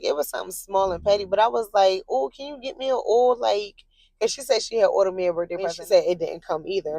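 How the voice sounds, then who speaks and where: A young woman telling a casual, profane storytime to her viewers, animated, rising into shrill yelling as she relives her anger. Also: no echo. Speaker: vlogger.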